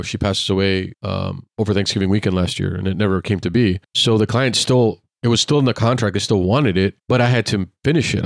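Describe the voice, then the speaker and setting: This man's fairly low voice comes through clean studio sound with no room sound. As a guest on a podcast and a former police officer, he shares anecdotes in relaxed conversation. He brings them to life by acting out the lines of the people involved.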